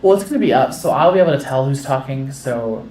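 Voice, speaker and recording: A man's voice: mid-range voice, expressive, a little mellow, a little hiss or hum. Man hosting a livestream from a roomy space. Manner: instructing, quick bursts of talk. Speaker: livestream host. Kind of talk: casual behind-the-scenes setup chat. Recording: roomy distant mic with faint ambience.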